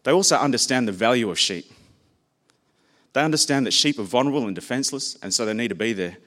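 A man's voice: medium pitch, animated, fast talker, fairly bright tone. A man preaching a sermon, speaking personally and conversationally and sharing stories about his own children.

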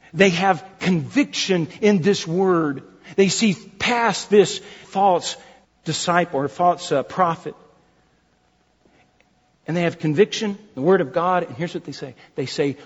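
A male preacher delivers an emphatic sermon and repeats his key phrases to drive them home. His voice sits high and a little husky. The recording is dull and lo-fi, with long reverb from a large hall. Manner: addresses the congregation as folks. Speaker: pastor.

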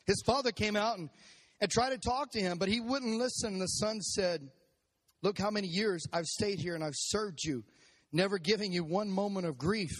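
A male pastor giving a sermon at a church service, animated and prompting his congregation to repeat lines back to him. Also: high-pitched, normal speed. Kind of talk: sermon with congregation call-and-response.

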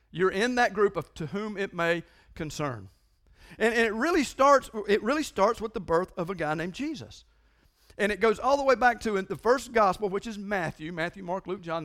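A man's voice: sits high, a bit bright. A man preaching a sermon in a conversational, emphatic way, often repeating himself. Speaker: pastor.

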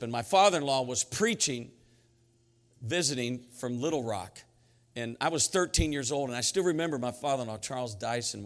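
A middle-aged man preaching a sermon in a church sanctuary, energetic and emphatic, telling stories between his points. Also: medium pitch. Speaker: pastor. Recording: reverberant church hall with faint music.

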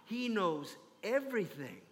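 A man's voice: high-pitched, sing-song, measured pace, long reverb tail. A man voicing a nervous, eager royal advisor who talks in hesitant bursts. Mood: musing. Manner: hesitant, stammering.

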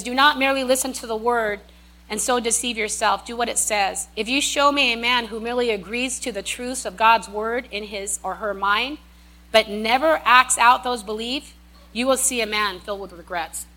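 Bright high-voiced woman preaching. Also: normal speed. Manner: emphatic, repetitive, with animated asides. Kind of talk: sermon.

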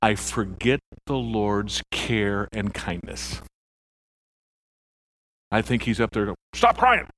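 A man preaching a sermon as pastor, animated, acting out the voices in his stories. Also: on the low side, takes it slowly, pauses often, a little hiss or hum.

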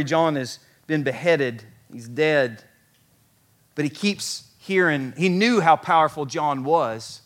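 A pastor preaching a sermon to his church, animated, acting out the voices of biblical figures and dropping soft and slow for emphasis. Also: fairly high pitch. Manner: animated, acts out biblical characters' lines.

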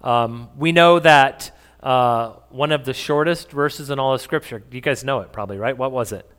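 A man's voice: medium pitch, normal speed, fairly bright tone, clean tone. A man preaching a sermon to a congregation in a conversational, joking way. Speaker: pastor. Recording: echoey hall.

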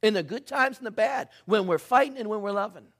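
A middle-aged man preaching a sermon as a pastor, swinging from loud emphatic lines to hushed, almost whispered ones. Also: high-pitched, brisk.

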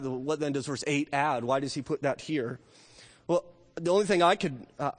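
Man, pastor, high voice, emphatic sermon, rhetorical questions, long hall echo. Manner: emphatic, with rhetorical questions and swings from loud to quiet. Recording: long reverb of a large hall.

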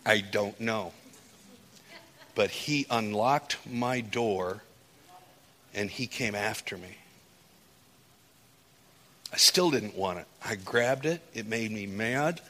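Man, preacher, sermon, fervent testimony, bright voice, echoing hall. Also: medium pitch. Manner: testimony building to impassioned, rising preaching. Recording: hall with long reverb.

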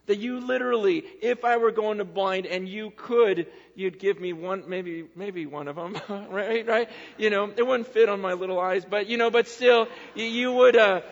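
A man preaching a sermon as pastor, moving between loud animated appeals and quiet, intimate talk. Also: high voice. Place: church hall. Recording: dull hall recording with mains hum.

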